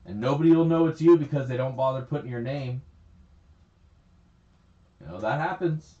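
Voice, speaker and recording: A man's voice: mid-range voice, normal speed, long pauses, dark tone. A man chatting casually on a livestream, rambling, laughing often and swearing freely. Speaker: livestream host. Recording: echoey, slightly dull stream audio.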